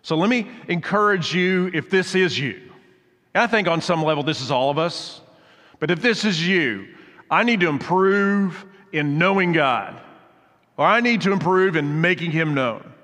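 A man's voice: a little high, animated, normal speed, fairly bright tone. A man preaching a sermon, earnest and exhorting, repeating phrases for emphasis, then leading a prayer. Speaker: pastor. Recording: long reverb of a large hall.

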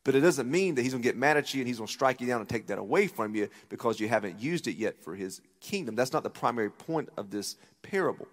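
A man preaching a sermon as pastor, animated, acting out voices as he retells a story. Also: medium pitch, fast talker, hardly any pauses, big-room sound. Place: church auditorium.

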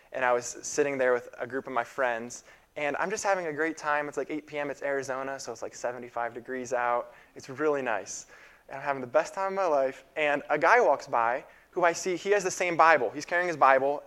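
A young man in his twenties preaching a sermon in a casual, halting way, with fillers and repeated phrases. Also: medium pitch, pushed and bright.

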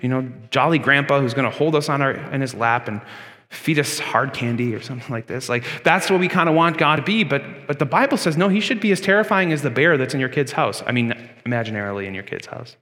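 A man preaching in a church sanctuary, talking to the congregation in a casual, conversational way. His voice is bright and sits a little high, and it rises and falls a lot as he presses his points. The sound carries a long, echoing church reverb. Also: animated, fast. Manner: conversational preaching, with frequent fillers and emphatic swings. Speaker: pastor. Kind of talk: sermon.

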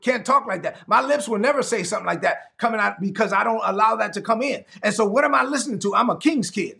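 A man preaching with a high-pitched voice that has a gravelly edge. He builds his points through emphatic repetition and leads call-and-response declarations for his online audience. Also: bright, forceful tone. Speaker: pastor. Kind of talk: sermon.

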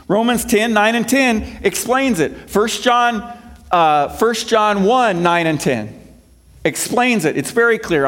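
A man's voice: high-pitched, fairly bright tone. A male pastor preaching a sermon, quoting scripture and asking the congregation questions as his emphasis rises and falls.

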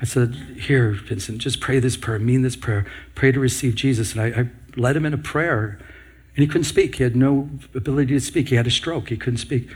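A man preaching with a husky, slightly breathy voice at a middling pitch. He builds his points through repetition and rhetorical questions, earnest and steady. He sounds like a pastor addressing a congregation. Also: brisk. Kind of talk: sermon.

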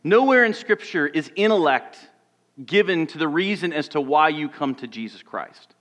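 A man's voice: on the high side, animated, moderate pace. Preaching man in a reverberant church. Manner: storytelling, shifts between loud and hushed. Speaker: pastor. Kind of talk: sermon.

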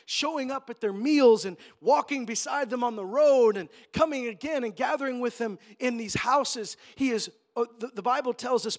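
A pastor giving a sermon in a conversational storytelling way that rises to emphatic moments. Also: male voice, very high voice.

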